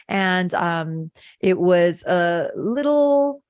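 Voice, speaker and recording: A woman's voice: on the low side, animated, extremely slow, a little mellow, no echo. A middle-aged woman from Hawaii hosting a podcast, talking in an earnest, heartfelt way with many fillers. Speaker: podcast host. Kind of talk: casual chat.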